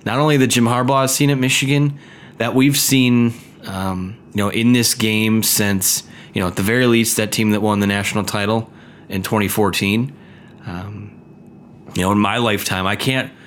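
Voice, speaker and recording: A man's voice: lowish voice, fairly even intonation, moderate pace, fairly bright tone, slight background noise. A man hosting a solo sports podcast, talking casually with fillers and restarts, his voice nasal and stuffy from a cold. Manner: conversational, frequent fillers and restarts. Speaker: podcast host.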